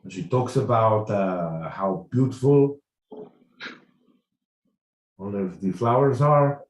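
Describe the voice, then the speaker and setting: A man putting on a Colombian accent, rambling dreamily and haltingly. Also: on the low side, reverberant, distant mic, low-quality recording. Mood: dreamy.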